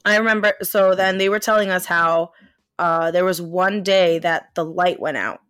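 A young woman co-hosting a podcast, telling a story in casual chat, animated and swearing, with lots of fillers. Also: fairly low pitch, moderate pace, clear, resonant tone, dry recording, studio quality. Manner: animated, swears a lot, many fillers, laughs while telling. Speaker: podcast co-host.

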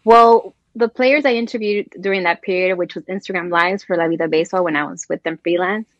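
In a casual interview, a guest sports journalist from Colombia speaks briskly in a voice on the low side. She tells her stories with animation, performing the quoted voices herself, and the audio is dull with no echo.

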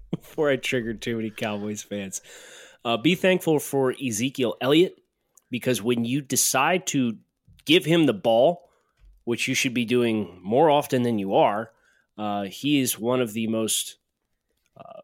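A man's voice: medium pitch, no room sound, studio quality. A man co-hosting a podcast with casual, opinionated sports talk that builds into rants. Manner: opinionated, ranting. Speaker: podcast co-host.

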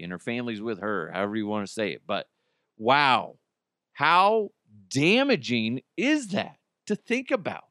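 A man's voice: lowish voice, fairly bright tone, clean tone, no room sound, clean studio sound. A man hosting a casual solo podcast, rambling and cursing freely, with many restarts and broken-off sentences. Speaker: podcast host.

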